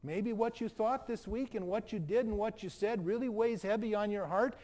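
Male pastor, higher-pitched voice, animated sermon delivery with acted-out quotes. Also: moderate pace. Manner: animated preaching, acts out quotes.

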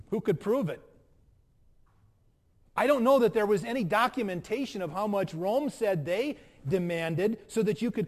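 A man preaching a sermon from the pulpit, animated, acting out the quoted lines as he goes. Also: high voice. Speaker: pastor.

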